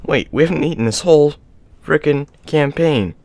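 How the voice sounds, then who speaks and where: A young man giving excitable gameplay commentary, yelling in panic and triumph. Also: fairly high pitch, normal speed. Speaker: gaming channel host.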